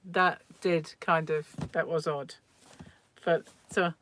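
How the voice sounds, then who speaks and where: Chatty woman with a lower voice. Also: fairly even intonation, slow, a bit bright, slight background noise. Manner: chatty, rambling, laughs often. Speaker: crochet livestream host. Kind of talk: casual chat reading viewer comments. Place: home.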